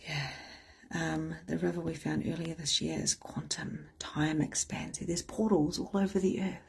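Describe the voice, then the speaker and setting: A woman's voice: low voice, steady tone, normal speed, gravelly, darkish tone, slightly rough. A woman giving a candid, casual motivational talk as a spiritual coach, swearing freely and acting out the voices of people she quotes.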